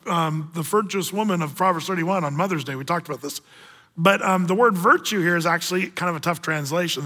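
A man preaching a sermon as pastor, animated and acting out the voices of the people in the story. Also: high-pitched, big-room sound.

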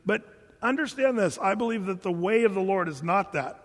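A man's voice: sits high, a bit bright, long reverb tail. A male pastor teaching through a Bible passage verse by verse, conversational and enthusiastic, reading scripture aloud between his comments.

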